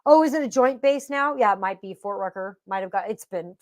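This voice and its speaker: A woman's voice: medium pitch, a little fast. A woman in her fifties co-hosting a casual live chat, rambling through stories with many restarts. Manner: warm, rambling storyteller with restarts. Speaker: co-host.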